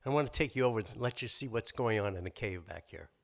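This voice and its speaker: A man's voice: animated, fast, vocal fry. A man in his sixties voicing a sly, clever rabbit in a told story, pleading and scheming. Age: 60s. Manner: pleading, scheming, loud and high. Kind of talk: live storytelling.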